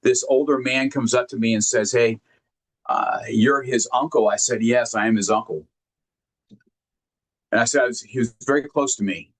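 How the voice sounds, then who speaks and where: A man giving a heartfelt motivational talk, sharing personal stories earnestly and emphatically, often halting and repeating words when moved. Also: mid-range voice, husky. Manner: emphatic, directly addresses listeners. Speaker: motivational speaker.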